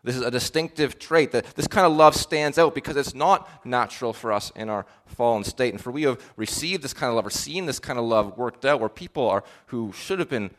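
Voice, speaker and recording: A man's voice: medium pitch, brisk, few pauses. A male pastor preaching a sermon in an earnest, questioning way, with frequent fillers and restarts.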